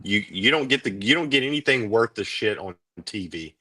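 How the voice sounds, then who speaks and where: A man's voice: lowish voice, animated, moderate pace, bright, forceful tone, breathy edge, no echo. A man bantering casually on a livestream panel, blunt and emphatic.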